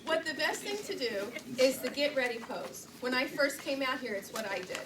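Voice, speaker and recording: A woman's voice: high-pitched, expressive, normal speed, crowd noise. A middle-aged woman giving a live public speaking training, chatty and self-deprecating, laughing often as she demonstrates poses. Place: meeting room, recorded from the back. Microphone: far camera mic. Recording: roomy, distant and noisy room recording.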